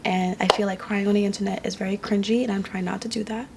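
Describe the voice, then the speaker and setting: A woman's voice: medium pitch, steady tone, fast, gravelly. Young woman from New York, candid storytelling vlog, faint background noise. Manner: candid, emotional, conversational. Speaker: vlogger.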